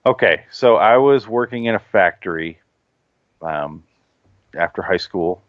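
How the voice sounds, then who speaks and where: Profane, animated podcast host, low voice. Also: male voice, measured pace, dry recording. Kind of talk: casual chat. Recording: dull lo-fi podcast audio.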